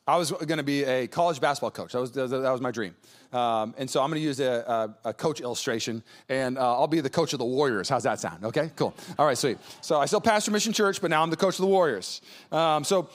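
High-voiced pastor preaching with fervor. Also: male voice. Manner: energetic and joking, building to fervent exhortation. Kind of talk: sermon. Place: church service.

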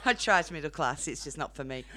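A woman's voice: low voice, a little fast, sharp tone. A young woman with a Northern English accent doing a blunt, chatty stand-up set on a comedy club stage, laughing at her own jokes. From Northern England.

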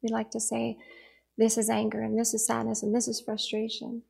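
Woman, 40s, dharma teacher; reflective, earnest storyteller, somewhat high voice with husky grit. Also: monotone, brisk, a little mellow.

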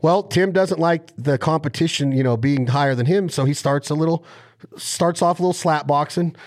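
A man in casual chat, telling stories in an animated, excitable way. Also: a little high, moderate pace.

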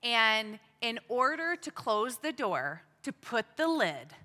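A woman leads a women's ministry teaching, her high, bright voice moving slowly and earnestly through rhetorical questions. Her words ring out with a long reverb in the hall. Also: big pitch swings. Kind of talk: church teaching talk.

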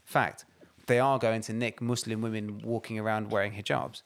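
A man's voice: lowish voice, steady tone, normal speed. A man co-hosting a podcast, talking politics in a heated, emphatic way and swearing freely. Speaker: podcast co-host. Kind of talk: casual political chat.

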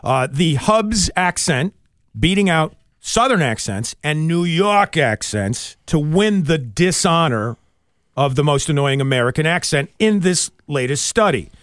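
Animated, high-voiced male radio host. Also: measured pace, no echo. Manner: lively, wry, reads segments. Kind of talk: radio hosting and banter.

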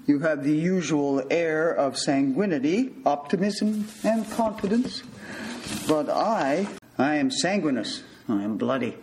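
A man's voice: a little high, expressive, a little slow, a little mellow, a little hiss or hum, rough recording. An older man voicing a bitter, sardonic middle-aged lawyer who is a patient, growling and cutting as he speaks.

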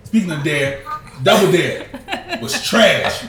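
Blunt teasing podcast co-host, mid-pitched. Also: lively intonation, slow pace, reverberant, noisy background. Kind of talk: casual podcast banter.

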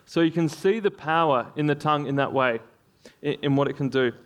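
A man giving a sermon in a relaxed, chatty way. He speaks in a slightly higher register and often pauses on fillers while talking through scripture. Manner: conversational, with frequent fillers and laughs. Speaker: preacher.

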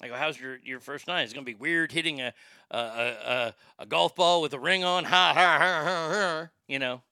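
A man's voice: medium pitch, brisk, sharp tone, clear, resonant tone, no echo, clean studio sound. A man, the show's host, telling a long personal anecdote in a casual, profane, conversational way with frequent restarts.

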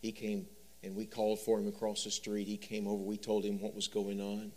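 A man preaching a sermon, telling stories and swinging from loud emphasis to soft, quiet delivery. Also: fairly low pitch, monotone, a little fast. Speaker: pastor.

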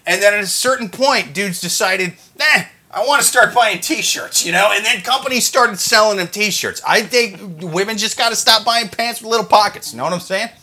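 A man's voice: high-pitched, fairly quick, hardly any pauses, bright, forceful tone. A man co-hosting a comedy podcast, ranting profanely in casual banter. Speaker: podcast co-host.

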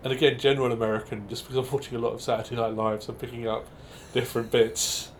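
Chatty self-deprecating man, mid pitch. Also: flat delivery, a little hiss or hum. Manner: chatty, self-deprecating, fast bursts with restarts. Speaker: improv performer guest. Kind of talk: casual interview chat.

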